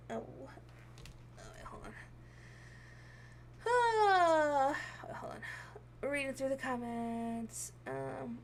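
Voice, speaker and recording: A young woman with a slightly high voice chats slowly and unhurriedly on a livestream, giggling often between remarks. She reads viewer comments aloud in a loose, chatty way. A faint hum sits behind her voice. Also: gravelly. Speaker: VTuber streamer. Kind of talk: casual livestream chat, reading comments.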